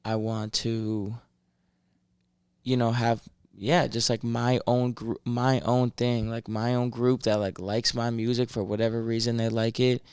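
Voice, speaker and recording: A man from Massachusetts, a rapper guesting on a podcast, talking casually in a soft-spoken way while searching for his words. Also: mid-range voice, level tone, measured pace, clean tone, no echo, clean studio sound. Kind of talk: casual chat.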